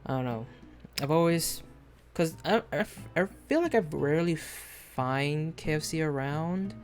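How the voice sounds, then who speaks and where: A man's voice: on the high side, expressive, a little slow, faint music behind. A man streaming a video game live, chatting casually in a rambling, hesitant way with lots of fillers and restarts.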